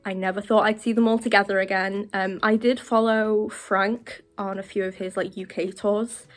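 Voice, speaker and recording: A young woman talking straight to the camera in her bedroom, rambling excitedly with lots of fillers. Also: medium pitch, moderate pace. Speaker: vlogger. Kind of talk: casual rambling vlog. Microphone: camera facing her.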